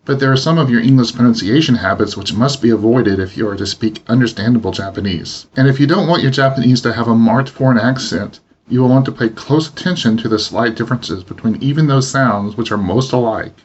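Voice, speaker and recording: Male teacher voice, mid pitch, steady explanatory read, slightly muffled audio. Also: husky. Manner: measured explanatory reading. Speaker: language teacher. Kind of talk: instructional narration. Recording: dull lo-fi voice recording.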